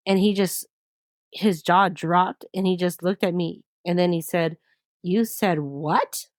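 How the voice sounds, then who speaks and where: A woman guest telling a personal story in an interview, animated and often laughing as she talks. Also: lowish voice, unhurried, no echo.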